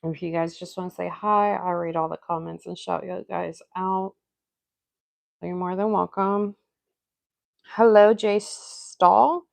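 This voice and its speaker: A young woman hosting a casual livestream, her voice congested from a cold and a little gravelly at the edges. She chats easily and greets viewers by name. The sound is dry and close, with no room around it. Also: lowish voice, little pitch movement, moderate pace, dry recording. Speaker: livestream host doing nail art.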